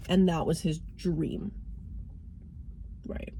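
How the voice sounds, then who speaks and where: A woman's voice: on the low side, slow, long pauses, a little mellow, a little hiss or hum. A young woman talking casually and frankly to her viewers as a vlogger, with lots of "like" and "right?". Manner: chatty, frank, repeats "like" and "right?". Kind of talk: casual motivational talk to camera.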